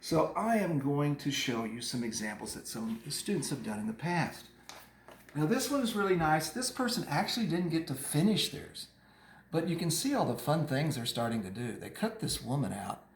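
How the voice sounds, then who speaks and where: A man's voice: medium pitch, echoey room, slight background noise. A man teaching an art lesson to children, chatting them through each step of a craft project. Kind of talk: casual art lesson demonstration for kids.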